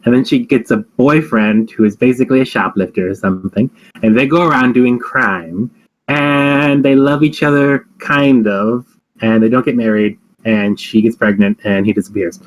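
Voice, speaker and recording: A man's voice: medium pitch, normal speed, rough recording. A man co-hosting a casual chat, summarizing at length with a rambling, hesitant manner. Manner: rambling, hesitant, many ums and likes. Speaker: podcast co-host.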